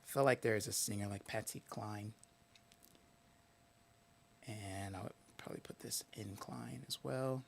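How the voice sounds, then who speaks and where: A man's voice: fairly low pitch, steady tone, unhurried, vocal fry, long pauses, a little hiss or hum. A man hosting a casual live stream, thinking aloud and muttering words to himself as he works through a list.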